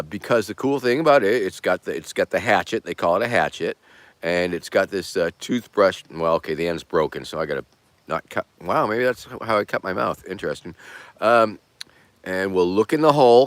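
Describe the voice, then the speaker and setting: A man's voice: low voice, no room sound. A man hosting a casual livestream who rambles in a laid-back way and swears casually. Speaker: streamer host.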